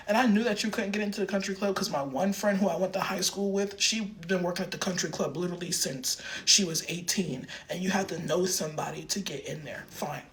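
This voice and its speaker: A man's voice: on the high side, a bit bright. A man talks casually and at length to his stream. He rambles, circling back and stacking filler words as he goes. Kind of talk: casual livestream rant.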